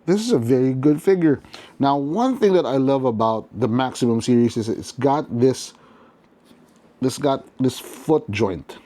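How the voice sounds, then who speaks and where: A man's voice: mid-range voice, unhurried, dark tone. Chatty man reviewing a toy. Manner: chatty, thinking aloud while handling a figure. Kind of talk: casual unboxing review.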